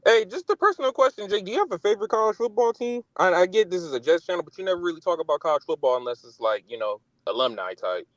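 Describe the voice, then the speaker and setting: A man's voice: sits high, very animated, fast, few pauses, a bit bright, no room sound. Friendly teasing male caller. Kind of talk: call-in chat.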